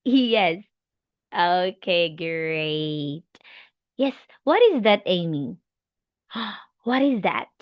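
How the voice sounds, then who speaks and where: Woman teacher for a kid's demo lesson, very slow, lively pitch, dry lo-fi sound. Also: no echo. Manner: slow, animated, encouraging, with animal sounds. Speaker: English teacher. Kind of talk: demo lesson for a young child.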